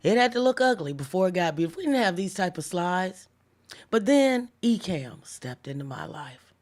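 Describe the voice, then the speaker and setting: A woman hosting a live devotional stream, talking casually with viewers and slowing down to stress key lines. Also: fairly low pitch, sing-song. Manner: chatty, reads viewer comments aloud, slows down for emphatic lines. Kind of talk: casual livestream devotional preaching.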